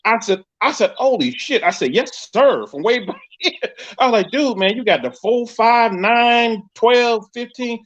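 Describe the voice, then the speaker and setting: A man with a New York accent hosting a live podcast, telling a story in a loud, profane, animated way. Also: very high voice, measured pace. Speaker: podcast host. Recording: dull lo-fi stream audio.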